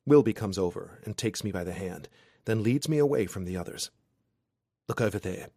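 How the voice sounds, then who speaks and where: A man narrating a romance audiobook in the first person, wry and expressive. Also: lowish voice, fairly quick, creaky, dry recording, clean studio sound. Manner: wry, expressive, self-deprecating.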